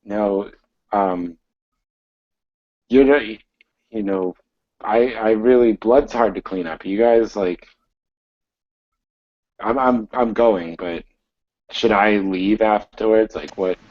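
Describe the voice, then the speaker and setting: Man doing a halting uneasy barman. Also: fairly low pitch, no echo, muffled recording. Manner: halting, many restarts.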